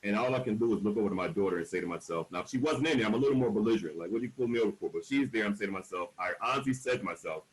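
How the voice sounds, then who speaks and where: Frank, emphatic man with a lowish voice. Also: lively intonation, rapid-fire, hardly any pauses, low-quality recording. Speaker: panel speaker. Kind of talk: candid personal storytelling at a panel.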